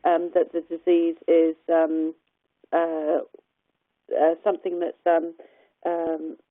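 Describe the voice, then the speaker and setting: A woman's voice: low voice, completely flat delivery, slow, no room sound. Woman, webinar moderator, hesitant and filler-heavy, tinny dry phone-like sound. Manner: hesitant, with many fillers when reading out questions.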